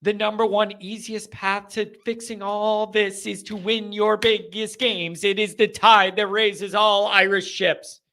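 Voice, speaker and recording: A young man hosting a live call-in fan show, ranting and joking in an animated way. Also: high voice, unhurried, hardly any pauses.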